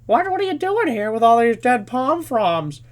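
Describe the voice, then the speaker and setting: A man's voice: extremely high pitch, very animated, moderate pace, pitched above the performer's own voice. A man voicing a suspicious, scolding middle-aged male scout troop leader in a comedic storytime. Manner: worried, scolding.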